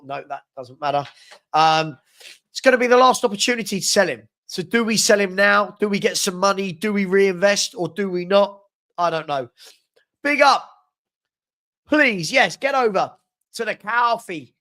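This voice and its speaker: A man with a high, slightly bright voice hosts a casual live-stream fan chat while he has a cold. He reads viewer comments in a playful, teasing, chatty way and tends to repeat himself.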